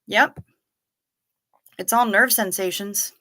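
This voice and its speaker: A woman's voice: medium pitch, fairly even intonation, slow pace, pushed and bright. A middle-aged woman hosting a livestream, chatting casually with dry, sardonic asides as she reads out viewer comments. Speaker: livestream host reading chat. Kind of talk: casual chat.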